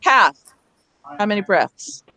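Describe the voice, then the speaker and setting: A woman leading an online teacher workshop over a video call, animated and demonstrating sounds herself. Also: medium pitch, slow. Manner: animated, acts out calling for help. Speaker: teacher trainer.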